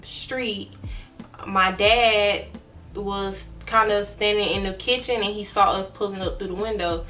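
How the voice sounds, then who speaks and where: A woman's voice: medium pitch, a bit bright, far from the mic. A young woman from Alabama telling an emotional storytime to her viewers, talking straight to them. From Mobile, Alabama. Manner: earnest, emotional retelling, addresses viewers as y'all. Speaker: vlogger. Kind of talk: storytime vlog.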